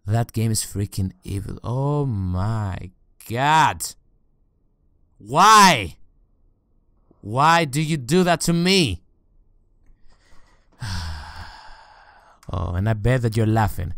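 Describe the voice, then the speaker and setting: A man's voice: mid-range voice, lively intonation, extremely slow, creaky, long pauses, bright, forceful tone, no echo, studio quality. A man playing a horror game on camera, talking to the game and his viewers, often shrieking and swearing when scared. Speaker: let's play gamer.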